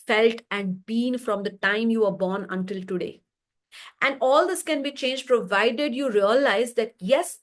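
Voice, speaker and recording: An energy healing teacher leads a live online class, reading replies from the chat and explaining things through rhetorical questions and animated stories. Her pitch rises when she wants to emphasize something.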